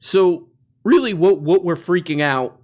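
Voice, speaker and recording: A man's voice: high voice, animated, a little slow, heavy background noise. A man hosting a podcast, giving casual, sarcastic comedic commentary on video clips. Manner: sarcastic, mocking. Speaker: podcast host.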